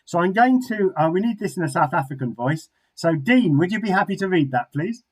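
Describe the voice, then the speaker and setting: A man with a somewhat raised voice steers an online study group. He talks quickly and chattily, and he encourages the people taking part. He is heard over a video call. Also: high voice, lively intonation, husky, low-quality recording. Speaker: synagogue study session leader. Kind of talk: online group discussion leading.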